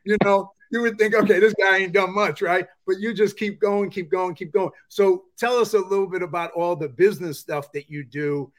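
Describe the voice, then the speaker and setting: A man hosting a podcast who talks in a calm, conversational way and tells stories casually. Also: high-pitched, moderate pace, hardly any pauses. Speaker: podcast host. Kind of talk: casual interview talk.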